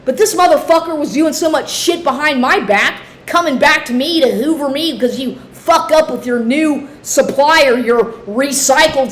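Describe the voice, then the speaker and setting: A woman's voice: sits high, fairly bright tone, a little hiss or hum. A middle-aged woman in an angry personal rant, agitated, swearing and repeating herself.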